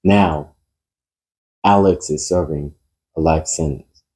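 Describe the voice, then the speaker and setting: A pastor delivering a sermon who tells an illustration story and builds to emphatic preaching. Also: male voice, a bass voice, slow, a little mellow.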